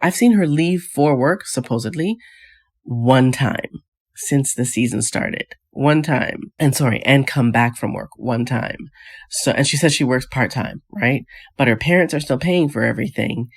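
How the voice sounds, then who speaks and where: A woman's voice: a bass voice, measured pace, breathy edge. Exasperated woman ranting in a casual vlog. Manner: exasperated, scoffing rhetorical questions; rambling with frequent restarts. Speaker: vlog host. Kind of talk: casual reality TV recap commentary.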